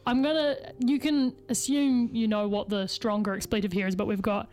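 A woman's voice: medium pitch, steady tone, moderate pace, darkish tone. Playful woman hosting a radio show. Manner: playful, laughs, reads listener texts. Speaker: radio host. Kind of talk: casual radio chat.

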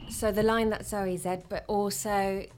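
A woman stage actor who is a guest on a radio interview, speaking softly and searching for her words with many fillers. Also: medium pitch, little pitch movement, a little slow. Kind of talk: studio interview.

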